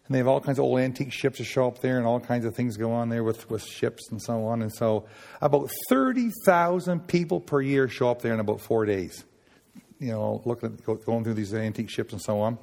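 Gravelly Nova Scotian man preaching. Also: medium pitch, darkish tone, big-room sound. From Nova Scotia, Canada. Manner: homespun, halting, with many restarts and acted-out dialogue. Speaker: sailors' gospel worker speaking at a chapel. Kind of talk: folksy sermon talk with stories.

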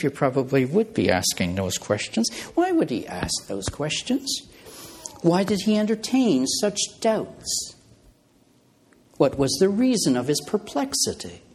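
A man delivering a sermon in a slow, deliberate cadence. His voice is a little husky, and his pitch swings widely as he presses rhetorical questions on his listeners. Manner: measured, emphatic preaching with rhetorical questions. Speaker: preacher.

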